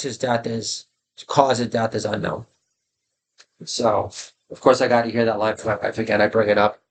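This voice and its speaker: Here the same kind of speaker, a comedy writer in his forties running his own podcast, has a husky, medium-pitched voice. His solo monologue is loose and meandering, full of crude stories that poke fun at himself.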